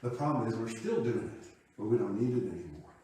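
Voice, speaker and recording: A man's voice: on the low side, animated, fast talker, warm tone, a little hiss or hum. A man in his late fifties giving a sermon, reflective and conversational as he tells a personal story. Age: 50s. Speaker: minister. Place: church sanctuary. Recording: echoey hall, voice from a distance.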